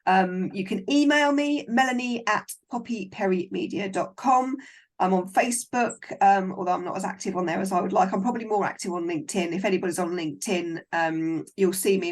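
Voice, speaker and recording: A woman filmmaker, a guest in a casual interview, talking in a frank, encouraging and emphatic way over a video call. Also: fairly low pitch.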